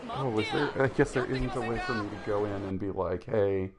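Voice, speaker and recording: With a lowish voice and a brisk delivery, a man chats to viewers while streaming a game on his own. His talk is loose and hesitant, with lots of restarts and filler words. Crowd noise and game music sit behind the speech.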